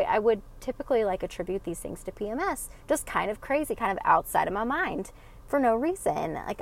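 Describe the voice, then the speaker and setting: A woman telling viewers a rambling personal story in casual chat, with lots of fillers and restarts. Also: medium pitch. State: emotional, choking up. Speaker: podcast listener sharing a story.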